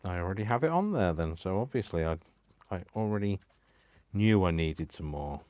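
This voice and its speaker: Low-voiced, chatty man. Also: animated, moderate pace, darkish tone. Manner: rambling, self-deprecating, chuckles often. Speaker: craft vlogger. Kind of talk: casual chatty crafting tutorial. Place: home craft table. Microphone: wired mic on a tripod setup.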